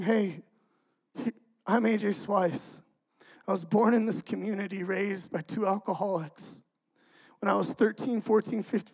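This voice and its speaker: Young guy preaching his testimony, high voice, goes from hushed to fired up. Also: low-quality recording. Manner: animated storytelling, swings from hushed to loud and excited. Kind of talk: energetic testimony sermon.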